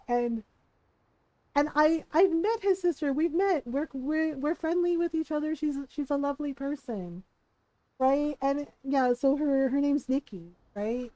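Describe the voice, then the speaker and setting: A woman's voice: high-pitched, mellow. A middle-aged woman streaming a game, chatting casually in a rambling, self-deprecating way and laughing often.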